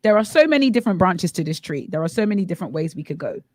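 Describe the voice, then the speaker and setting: A woman's voice: fairly low pitch, big pitch swings, racing, a little mellow, dry recording. A woman from the Bahamas co-hosting a radio talk show, opining with emphatic rhetorical questions in casual chat. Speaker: radio co-host. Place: radio studio.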